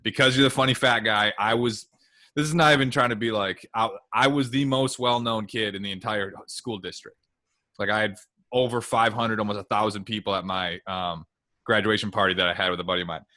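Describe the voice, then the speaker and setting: A man from Michigan co-hosting a podcast, telling stories in a casual, animated way with quick asides. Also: lowish voice. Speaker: podcast co-host.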